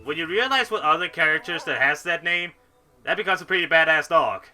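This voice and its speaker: A man hosting a blind reaction commentary, chatty and excitable, thinking aloud as he watches. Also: fairly high pitch, a little fast, soft background music. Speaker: host. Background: episode audio playing.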